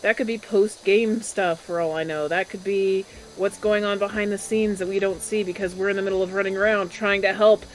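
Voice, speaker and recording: A woman's voice: medium pitch, steady tone, brisk, hardly any pauses, a little hiss or hum, low-quality recording. A woman chatting casually as a guest on a gaming stream, laid-back and a little hesitant. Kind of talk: casual chat while gaming.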